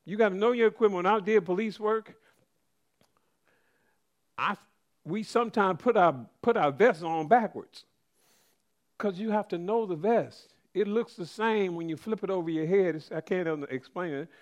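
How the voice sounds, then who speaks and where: A man's voice: high voice, measured pace, long pauses. A middle-aged man preaching a conversational sermon, calling out to the congregation.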